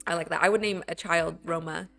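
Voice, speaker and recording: A woman's voice: lowish voice, fairly even intonation, brisk, creaky, fairly bright tone, faint music behind. Giggly woman streamer chatting. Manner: giggly, laughs often; rambling and playful, with fillers. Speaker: game streamer. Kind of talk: casual chat with stream viewers while building.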